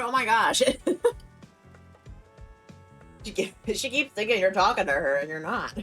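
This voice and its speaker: A woman's voice: mid-range voice, fairly quick, hardly any pauses, soft background music. Giggly chatty woman streamer. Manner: giggly, chatty, animated storytelling. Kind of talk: casual gameplay commentary.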